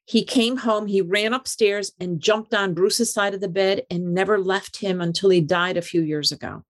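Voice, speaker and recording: An older woman, a podcast guest, tells an emotional personal story in an animated way, repeating and restarting her words. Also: mid-range voice, normal speed. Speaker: interview guest.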